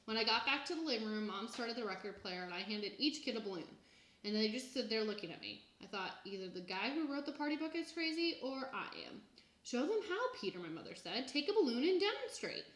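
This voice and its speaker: Mulher lendo livro infantil em sala com eco. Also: female voice, on the high side, brisk. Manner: even, plain storytelling. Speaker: reader. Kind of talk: reading a children's book aloud. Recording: echoey room.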